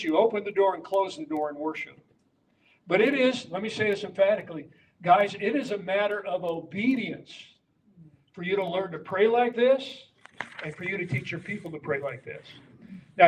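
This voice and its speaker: High-voiced man addressing pastors. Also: far from the mic, a little hiss or hum, low-quality recording. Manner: emphatic, teaching by patterns and rhetorical questions. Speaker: pastor and prayer coach. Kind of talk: conference talk to pastors. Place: conference room with audience.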